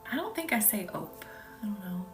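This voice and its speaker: A woman with a Midwestern accent, hosting a live reiki session, chatting and reading out viewer comments, sometimes dropping into a soft whisper. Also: mid-range voice, very animated, quick pace. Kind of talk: live-stream chat with viewers. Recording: distant mic with faint music behind.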